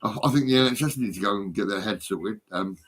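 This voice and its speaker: A man's voice: fairly low pitch, quick pace, a bit bright, husky. A man rambling in casual chat, swearing often, stammering and repeating his words as he tells stories. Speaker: storyteller talking to a friend.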